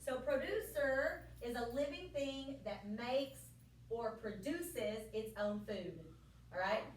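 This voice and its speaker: A woman teacher giving a lively science lesson to children in a classroom, often checking with them. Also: on the high side, slow. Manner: lively, playful, asks frequent check questions. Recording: echoey classroom from far off, faint room noise.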